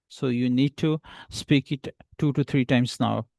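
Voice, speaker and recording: A man's voice: medium pitch, steady tone, moderate pace, creaky, hardly any pauses, a little mellow, no room sound. A man teaching a beginner English lesson, patiently repeating example phrases.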